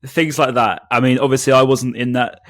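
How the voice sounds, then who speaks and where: Young male co-host, casual and chatty, mid pitch. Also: steady tone, a little fast, fairly bright tone, dry recording, studio quality. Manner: chatty, many "like" fillers. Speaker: podcast co-host. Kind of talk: casual football podcast chat.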